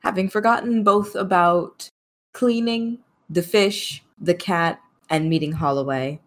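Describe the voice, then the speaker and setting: A woman narrating as game master of a tabletop role-playing game, relaxed and playful. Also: on the low side, unhurried.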